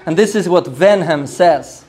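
Slow, thoughtful male Bible teacher. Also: a little high, a little mellow. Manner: thoughtful, musing aloud, repeats phrases. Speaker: preacher. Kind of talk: sermon-style Bible teaching.

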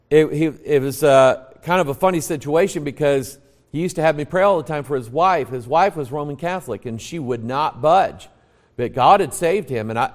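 American pastor teaching, echoing hall. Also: male voice, medium pitch. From United States. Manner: folksy, storytelling, frequent restarts. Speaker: pastor teaching a Bible class. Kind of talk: conversational Bible teaching, quizzing the class. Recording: long reverb of a large room.

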